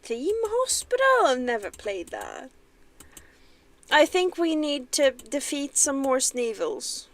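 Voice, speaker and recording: Young woman streamer, chatty, self-deprecating, animated pitch, slow easy delivery. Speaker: game streamer. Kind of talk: casual livestream chat.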